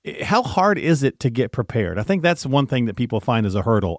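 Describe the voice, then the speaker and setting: A man's voice: mid-range voice, very animated, a little fast, no echo, studio quality. A man co-hosting a talk radio show, upbeat and promotional, reading contact details and prompting questions. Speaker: radio co-host.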